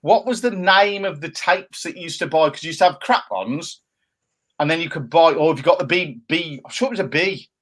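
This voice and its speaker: A man with a slightly raised pitch, talking casually on a chat show. He teases his co-host in playful banter and rambles through half-remembered details. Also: fairly quick, fairly bright tone. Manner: jokey banter, playful mocking impressions. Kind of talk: casual chat with live viewers.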